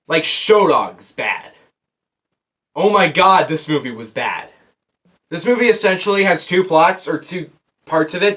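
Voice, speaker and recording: A man's voice: fairly high pitch, fairly bright tone. A young man giving a casual video movie review, ranting with sarcastic exasperation. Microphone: camera on a desk.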